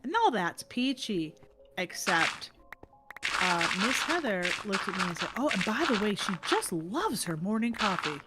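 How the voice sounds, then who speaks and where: With big pitch swings and a measured pace, this middle-aged woman from the United States co-hosts a livestream in casual conversation. She tells stories chattily and voices the people who spoke to her, leaping up and down in pitch, over heavy background noise.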